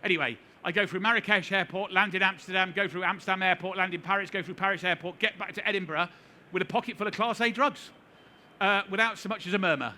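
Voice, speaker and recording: In a conference hall, a middle-aged seminar speaker from the United Kingdom spins a story for a live crowd, poking fun at himself with dry wit. He talks fast in a high-pitched voice with a sharp edge.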